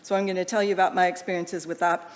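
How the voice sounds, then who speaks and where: A woman with an American accent giving a conference presentation, lively and shifting between slow and fast delivery. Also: on the low side. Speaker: conference speaker. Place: lecture hall. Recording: long reverb of a large hall.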